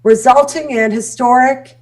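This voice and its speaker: A woman from Canada with a somewhat high voice talks in a casual interview. She is blunt and animated, and she acts out the messages she quotes. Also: unhurried. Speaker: guest, speaking coach.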